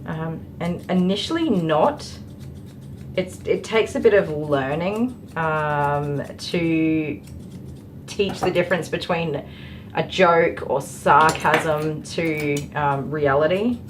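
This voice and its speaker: A middle-aged woman speaks slowly in a deep voice as she works as a dog groomer, chatting casually on a live stream with plenty of ums and laughs. She's indoors at a grooming salon. The recording is low quality, with slight background noise.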